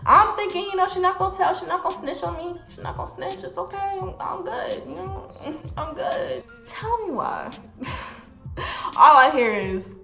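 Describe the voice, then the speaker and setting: A young woman tells a story in a raised, lively voice full of slang, acting out the other people's lines. Her voice rings in an echoey room while faint music plays underneath. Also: sits high, unhurried. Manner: animated, slangy, acts out quoted voices. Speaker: vlogger. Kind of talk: casual storytime.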